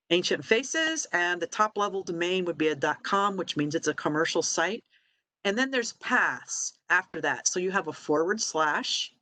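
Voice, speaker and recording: A woman's voice: low voice, a bit bright. A middle-aged woman presenting a casual online tutorial, explaining step by step in a chatty way with fillers and self-deprecating asides. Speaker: library webinar presenter.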